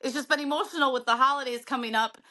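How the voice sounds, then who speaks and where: A woman's voice: high-pitched, steady tone, fast talker, sharp tone. A woman from the co-hosting a podcast, speaking in an earnest, heartfelt and defiant way in casual chat. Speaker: podcast co-host.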